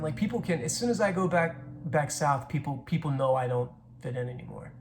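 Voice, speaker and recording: A man's voice: on the high side, animated, a little fast, few pauses. Young southern-raised guy rambling, swearing a lot, faint background hum. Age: 20s. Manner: rambling, profane, restarts a lot. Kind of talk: casual storytelling monologue.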